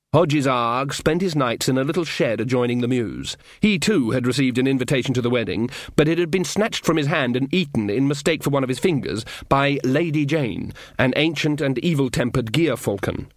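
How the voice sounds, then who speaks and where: A man's voice: mid-range voice, dry recording, clean studio sound. A man reading a comic fantasy novel aloud as audiobook narrator, shifting his voice slightly for each character. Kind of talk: scripted narration.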